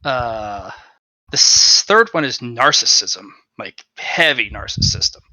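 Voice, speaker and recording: Guy game master narrating, super bright sharp voice, dry close mic, laughs and swears a lot. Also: mid-range voice, animated, takes it slowly, no room sound, poor audio. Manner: laughing, swearing, dramatic asides.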